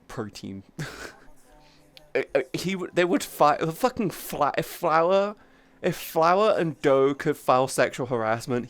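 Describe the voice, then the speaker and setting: A woman streamer in casual livestream chat who laughs often and swears freely as she teases her friends. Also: deep voice.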